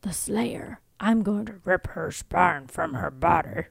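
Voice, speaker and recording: A woman putting on a slow, growling voice for a brutal ancient male vampire. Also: on the low side, lively intonation, creaky, slightly rough, no room sound, exaggerated voice. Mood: menacing.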